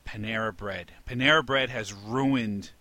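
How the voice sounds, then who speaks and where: A podcast co-host from New York with a New York accent, going on an exasperated comic rant. His voice is bright and forward. The recording is dry and close. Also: fairly low pitch, unhurried, no echo. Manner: exasperated, ranting, rising to indignant shouts. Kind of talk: comedic rant.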